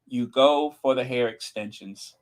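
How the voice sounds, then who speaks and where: Sassy, slow-talking male gossip host. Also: medium pitch, low-quality recording. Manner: sassy, animated, mocking. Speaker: channel host. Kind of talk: casual gossip commentary.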